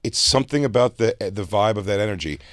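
Male podcast co-host, crude and animated comic, low voice, dry close mic. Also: quick pace, no echo. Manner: crude, animated, laughs often. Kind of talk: casual comedic banter.

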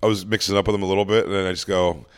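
A man's voice: deep voice, rapid-fire, clean tone. A man, a stand-up comedian, chatting casually and animatedly acting out exchanges with a heckler. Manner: animated, acts out crowd exchanges. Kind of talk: casual chat, storytelling.

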